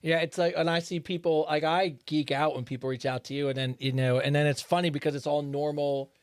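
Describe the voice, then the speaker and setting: A man's voice: a little high, steady tone, brisk, no echo, studio quality. A man co-hosting a casual chat show, telling loose, laughing anecdotes with some profanity. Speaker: podcast co-host.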